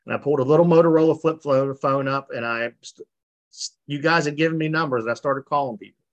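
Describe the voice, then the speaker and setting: A man's voice: a little high, fast talker, lo-fi sound. A man from West Virginia shares his recovery story over a video call. He talks in a folksy, plainspoken way and slips into the voices of the people he quotes. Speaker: recovery meeting speaker. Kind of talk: personal testimony.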